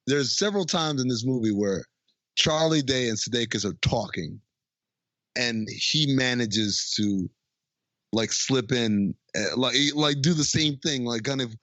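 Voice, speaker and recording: A man's voice: mid-range voice, fairly bright tone, no room sound, muffled recording. A man co-hosting a podcast, chatting casually and trailing off mid-sentence. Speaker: podcast co-host. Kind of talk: casual chat.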